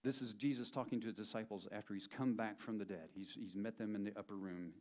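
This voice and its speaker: Man, pastor delivering a sermon in a church; easygoing and emphatic, on the low side. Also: steady tone, fast, a little mellow. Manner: conversational and playful, with emphatic repetition.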